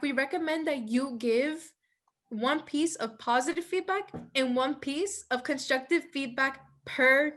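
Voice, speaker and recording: A woman's voice: high-pitched, fairly bright tone. A woman giving an instructional presentation, reading slides aloud and explaining them to trainee judges.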